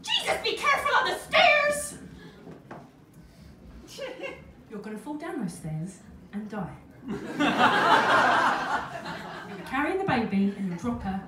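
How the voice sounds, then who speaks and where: A woman voicing her fretful older mother from the west of Ireland, with an Irish accent and a high, anxious, sing-song voice, recorded from a distance in a roomy venue with audience noise. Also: sing-song, slow, long pauses. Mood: alarmed.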